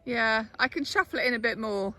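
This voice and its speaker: A woman coaching a rider in an outdoor arena, encouraging and quick to laugh. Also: fairly high pitch, bright, forceful tone. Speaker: trainer helping on the ground. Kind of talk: casual coaching chat.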